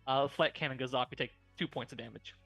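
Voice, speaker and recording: A man narrating as game master, chatty and relaxed, with a lot of filler words. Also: mid-range voice, quick pace, creaky, lo-fi sound, faint music behind.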